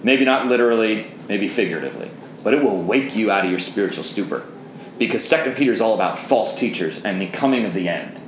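A man's voice: lowish voice, expressive, fast, roomy sound, a little hiss or hum, poor audio. A man preaching a sermon, emphatic, repeating key phrases and speaking straight to the congregation. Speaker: pastor.

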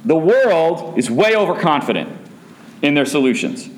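Emphatic, animated male preacher. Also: fairly high pitch, moderate pace. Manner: emphatic, repeats rhetorical questions, bursts of excitement. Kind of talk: sermon.

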